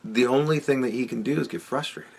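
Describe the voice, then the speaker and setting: A man's voice: mid-range voice, brisk, vocal fry, slightly rough. A man hosting a podcast, giving a sardonic, profanity-laced commentary monologue and chuckling often. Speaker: podcast host.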